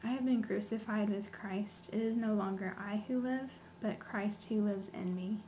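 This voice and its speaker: A soft-spoken woman shares her faith testimony in a flat, level voice. Her tone is sincere and earnest, with a faint hiss running behind her. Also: medium pitch, normal speed. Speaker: guest sharing testimony. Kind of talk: personal testimony.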